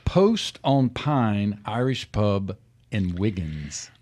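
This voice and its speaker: A man's voice: lowish voice, very animated, very slow, a little mellow. A man hosting a radio food show, chatting casually with frequent uh fillers.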